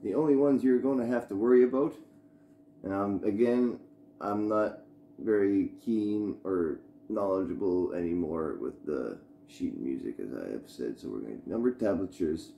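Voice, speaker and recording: A man's voice: fairly low pitch, muffled recording. A man with a put-on Southern American drawl, teaching guitar in a rambling, self-mocking, casual way.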